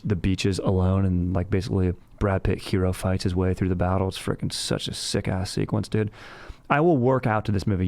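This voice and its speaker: A man's voice: on the low side, a little mellow, no room sound. A young man hosting a casual movie review chat, slangy and bro-ish, calling everyone dude. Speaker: host.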